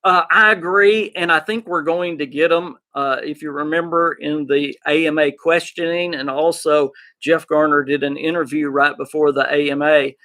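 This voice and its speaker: A man with an Arkansas Southern accent hosting a gaming podcast, chatting excitedly and rambling as he talks to his live chat. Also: a little high, normal speed, hardly any pauses. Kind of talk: casual live-stream chat.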